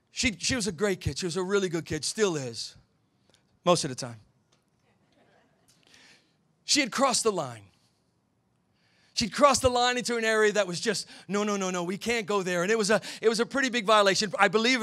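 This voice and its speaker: A middle-aged man preaching a sermon in a church, telling a family story and building to shouts at the high points. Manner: storytelling, swells to shouting at climaxes. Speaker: pastor.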